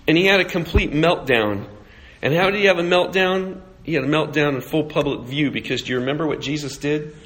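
A man's voice: fairly high pitch, brisk, a bit bright. A man preaching a sermon, telling a story with animation and asking rhetorical questions. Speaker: pastor.

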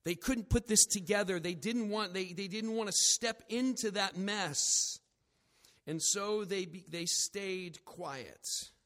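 A man with a high voice preaches a sermon. He is animated, acts out the people he quotes and cracks jokes at his own expense. His voice rings with the long reverb of a church hall. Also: takes it slowly. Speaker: pastor.

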